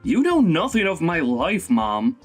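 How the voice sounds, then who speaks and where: A man's voice: on the high side, huge pitch swings, measured pace, soft background music. A man voicing a young adult son who scolds his mother in a stern, indignant way. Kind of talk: animated story voice acting.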